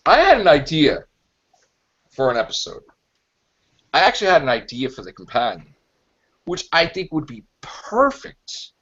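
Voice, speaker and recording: A man with a slightly raised voice rambles through a casual podcast chat, animated and full of acted-out quotes. The sound is dull and lo-fi. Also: on the high side, normal speed, long pauses. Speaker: podcast co-host.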